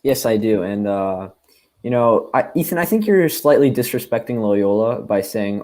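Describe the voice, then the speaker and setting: Young man, panelist, emphatic analysis, lowish voice. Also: expressive, normal speed, warm tone. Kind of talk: casual sports analysis.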